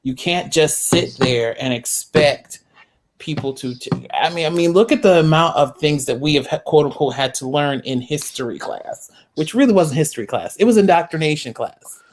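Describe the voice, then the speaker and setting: A woman's voice: sits low, animated, normal speed, a little mellow. A woman speaking on an online panel in an earnest way, repeating words to stress a point and adding apologetic asides. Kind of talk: casual panel discussion.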